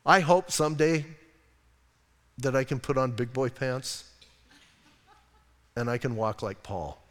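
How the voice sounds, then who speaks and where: A male pastor preaching a sermon in a church, humorous and conversational, swinging between soft asides and emphatic points. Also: mid-range voice, takes it slowly, long reverb tail.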